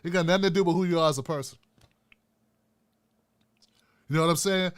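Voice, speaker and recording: A man racing through impassioned political commentary on his own show has a fairly high, clear, resonant voice. He speaks casually and straight to his viewers, frequently repeating and restarting phrases for emphasis.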